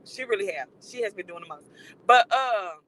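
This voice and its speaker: A woman's voice: lowish voice, expressive, fast talker, breathy edge, poor audio. A woman livestreaming from her car while she drives, ranting bluntly and with plenty of profanity as a commentator.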